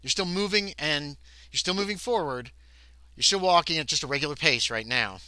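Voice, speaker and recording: Male game master, tabletop horror; bright, close, dry voice; halting delivery with fillers. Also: fairly high pitch, animated, dry recording, poor audio. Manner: calls for dice checks, halting with fillers.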